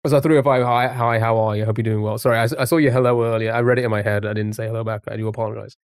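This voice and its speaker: A man's voice: on the low side, fairly even intonation, very fast, clear, resonant tone, no echo, clean studio sound. A man streaming live, chatting casually with viewers and thinking aloud while guessing words. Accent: non-American English.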